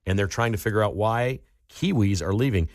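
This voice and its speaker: A man hosting a radio talk show, telling stories casually in a lively way, his voice jumping up high in pitch for emphasis. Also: fairly quick. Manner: animated storytelling with sudden rises in pitch.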